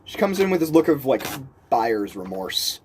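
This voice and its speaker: A man's voice: mid-range voice, moderate pace, slight background noise. A man telling a story casually, rambling and restarting sentences, laughing often and acting out the people he quotes. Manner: animated, voices the people he quotes.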